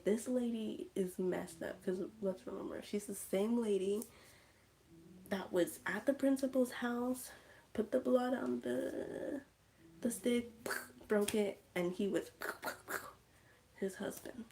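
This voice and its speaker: A woman casually recapping a movie on her livestream, chatty and animated, acting out scenes and dropping into whispers. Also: on the high side, slow pace, creaky, long pauses, slight background noise.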